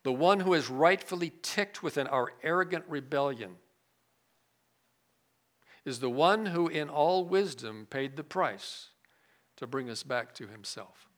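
Older male pastor, bright, fairly high voice; sermon delivery with sharp swings between emphasis and hush. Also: expressive, unhurried. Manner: swings from loud emphasis to quiet asides.

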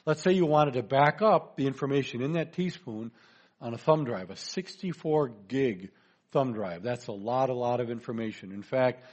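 A man's voice: mid-range voice, darkish tone. A man giving a chatty presentation lecture, joking with his audience. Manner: chatty, folksy, jokes to the audience.

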